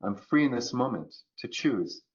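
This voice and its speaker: A man talking as a podcast guest about choice and resilience, acting out quoted voices in an animated way. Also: medium pitch, normal speed, dull audio. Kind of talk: conversational coaching talk.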